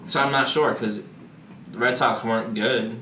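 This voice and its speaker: Brief: young male podcast co-host from Massachusetts, mid-pitched, animated and profane rants. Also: moderate pace. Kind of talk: casual chat. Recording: echoey room with crowd noise.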